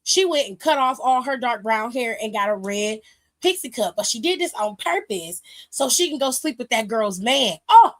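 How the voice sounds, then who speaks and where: A woman hosting a wrestling aftershow, recapping with sassy, animated and profane storytelling. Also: a little high, normal speed. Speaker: aftershow host. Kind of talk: casual recap chat. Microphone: streaming mic.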